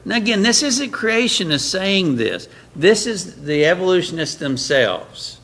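Male preacher, gravel in the voice, emphatic, poses rhetorical questions to the congregation. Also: high voice, expressive, unhurried, few pauses, a bit bright. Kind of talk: sermon-style lecture.

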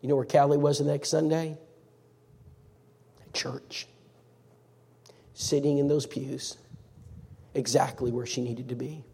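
A man preaching a sermon as a dramatic story, swinging between loud and hushed. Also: medium pitch, flat delivery, normal speed, gravelly, breathy edge, in a large hall.

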